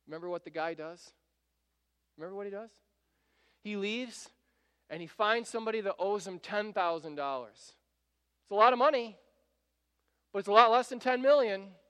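A male pastor preaches in a relaxed, conversational way, with a high and smooth, resonant voice. His words carry through a large church sanctuary with a long reverb tail. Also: moderate pace, pauses often. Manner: conversational preaching, acting out quotes. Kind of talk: sermon.

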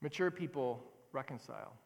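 A man preaching a sermon as a pastor, in a conversational, animated way that often corrects itself. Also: medium pitch, normal speed, gravelly. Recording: long hall reverb.

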